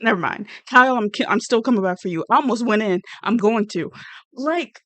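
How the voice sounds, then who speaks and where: A woman's voice: a little high, a little fast, fairly bright tone, no room sound. A woman giving blunt, rambling, sassy commentary on a reality show. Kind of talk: casual reaction commentary.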